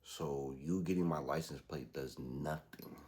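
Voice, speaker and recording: A young man hosting a podcast, telling a story casually in slangy, animated talk and imitating the people he quotes. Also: a bass voice, a little slow, slight background noise. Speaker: podcast host.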